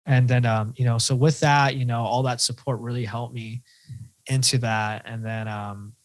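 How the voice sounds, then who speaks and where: A man, a podcast guest candidly telling his own story and acting out his inner voice. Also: medium pitch. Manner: fast, animated storyteller who acts out his own inner voice.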